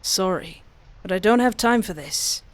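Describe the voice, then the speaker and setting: A woman voicing a menacing, flirtatious male kidnapper who speaks in a slow, teasing way. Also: mid-range voice, animated, lightly acted. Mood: teasing menace.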